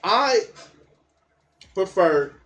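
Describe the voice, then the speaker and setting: A man's voice: high-pitched, big pitch swings, extremely slow, fairly bright tone. A man giving blunt, profane reaction commentary on a documentary clip, mocking and laughing at what he hears.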